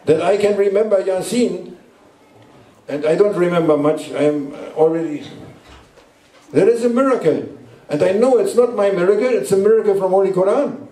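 A man, a Sufi sheikh, preaching to a gathering in halting English and repeating short emphatic phrases. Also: sits high, warm tone. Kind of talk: sermon. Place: indoor gathering room at a guesthouse. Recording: roomy echo, distant mic.

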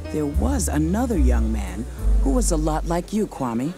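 An actress playing a calm, wise female earth spirit in a cartoon clip. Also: deep voice, unhurried, over music, full character voice. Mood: gentle.

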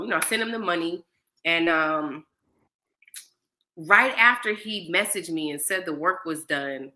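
A mother in her thirties, her voice on the low side, tells a personal story as a guest in a casual interview. She's animated, acting out the voices of the people she quotes. The recording quality is rough.

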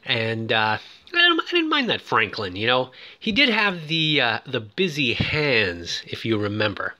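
A man retelling a movie plot in a casual, excitable way, with many fillers and quick put-on voices for the characters. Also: mid-range voice. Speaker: film recap presenter.

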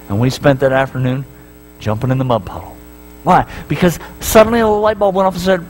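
A middle-aged man preaches to his congregation in a high, bright voice. He tells stories with big swings in pitch and acts out the voices himself. He keeps asking the room questions, and a faint mains hum sits under him. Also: fast talker, low-quality recording. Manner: talks straight to the congregation with repeated questions. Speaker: pastor. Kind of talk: sermon. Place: church sanctuary.

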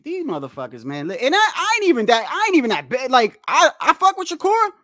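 A man hosting a boxing livestream and ranting in a heated, animated way, repeating himself, swearing often and trash-talking the chat. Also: very high-pitched, quick pace, no room sound, studio quality. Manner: animated, repetitive, trash-talking with frequent profanity.

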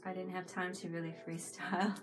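A woman's voice: lowish voice, flat delivery, fairly quick. Giggly woman streamer with music behind. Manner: chatty, giggly, talks to viewers in chat. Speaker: live streamer. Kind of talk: casual live-stream chat.

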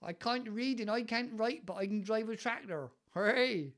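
A man's voice: high voice, moderate pace, fairly bright tone, voice pushed up. A man putting on a cheerful, simple rural farmhand with a broad West Country accent and jolly, sing-song yokel talk. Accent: West Country English.

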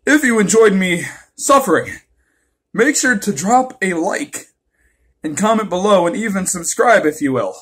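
High, husky-voiced teenage guy vlogging. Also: expressive, normal speed, fairly bright tone. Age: late teens. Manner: casual, blunt, swears freely. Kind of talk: casual vlog talk to camera. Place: at home, near a kitchen sink.

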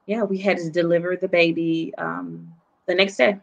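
Woman, lowish voice, soft, halting, personal story, interview guest. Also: little pitch movement, creaky, highs cut off. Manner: soft, halting, many pauses and restarts. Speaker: guest author and poet.

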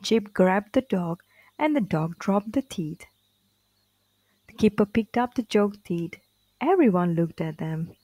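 A woman reads a children's storybook aloud at an unhurried pace. Her voice moves lively up and down in a middle pitch. The sound is dry and close. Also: dry recording, low-quality recording. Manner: slow, clear and expressive. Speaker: storybook reader.

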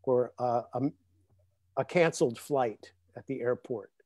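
Laughing, animated man on a video call. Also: mid-range voice, a little slow, no echo, studio quality. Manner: animated storyteller, laughs often. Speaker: guest drummer. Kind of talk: casual chat. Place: home, in Connecticut.

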